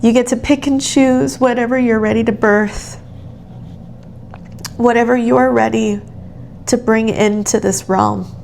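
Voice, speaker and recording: A woman delivers a soothing tarot reading, her words slow and unhurried as she reassures the listener. Her voice carries a noticeable gravelly fry, and she keeps a gentle, affirming tone, addressing the listener directly. A faint background hiss sits under her voice. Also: on the high side, steady tone. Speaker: tarot reader.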